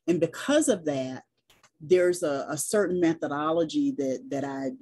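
This guest is a business and sales coach, a middle-aged Southern US woman whose low, mellow voice carries some huskiness. Chatting through a relaxed interview, she tells her stories at an unhurried pace and spells things out along the way.

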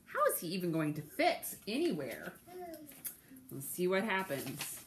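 Expressive woman reading a storybook to kids. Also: lowish voice, unhurried, slight background noise. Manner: expressive, chatty asides to young listeners. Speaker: library storyteller. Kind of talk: reading a picture book aloud to children.

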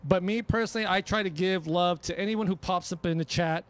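A man who works as a DJ, talking as a guest on a casual podcast, telling stories in an animated way, full of restarts and swearing. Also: high-pitched, brisk. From Bay Area. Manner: animated, profane storytelling with many restarts.

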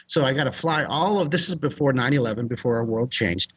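A middle-aged American drawing teacher tells a story animatedly, his mid-range voice brisk and husky. He's excitable, shouting and laughing in bursts partway through.

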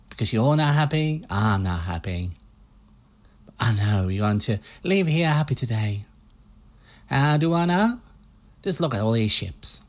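Guy putting on a smooth-talking american used-boat dealer, hard sell, gravelly and bouncy. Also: medium pitch, full character voice. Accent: put-on American salesman accent. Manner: slick, hard-selling patter. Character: pushy fast-talking male used-ship salesman.

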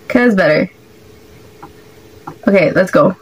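A woman hosting a reaction video, talking in excitable, exclamatory bursts and swearing freely as she reacts. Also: lowish voice, unhurried, husky, low-quality recording. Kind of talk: casual reaction commentary.

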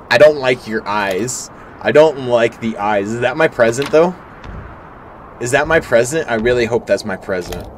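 Joking low-voiced young gamer man. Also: a little hiss or hum. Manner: joking, casual, reacts aloud. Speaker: gaming video creator. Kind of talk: let's play commentary.

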